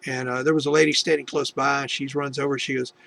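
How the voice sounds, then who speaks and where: A man's voice: mid-range voice, little pitch movement, fast talker, gravelly, a bit bright, a little hiss or hum. A middle-aged man from the United States telling a personal faith testimony, rambling with many restarts and asides. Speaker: video testimony host.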